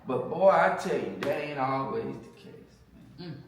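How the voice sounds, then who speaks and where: Middle-aged man sharing a testimony, animated and rambling, distant mic in a very echoey room. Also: fairly high pitch, a little slow, faint music behind. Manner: animated storytelling, many fillers and repeats, bursts louder when quoting himself. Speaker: guest sharing marriage testimony. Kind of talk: casual testimony chat.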